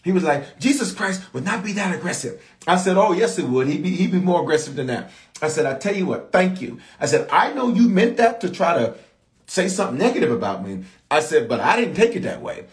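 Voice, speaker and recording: Man, bishop preaching a sermon, lively rising and falling delivery, calls on the congregation, echoey church room. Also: a little high, fairly quick. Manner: animated, calls out to the congregation for response.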